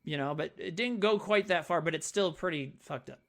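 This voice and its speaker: A man's voice: fairly high pitch, a little fast, creaky, a bit bright. A man co-hosting a casual movie-review podcast, swearing freely and laughing often. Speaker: podcast co-host.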